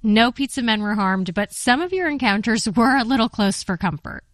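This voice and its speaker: A woman hosting a radio segment, introducing listener stories in a bright, conversational way. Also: a little high, animated, normal speed, no room sound, clean studio sound. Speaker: radio host.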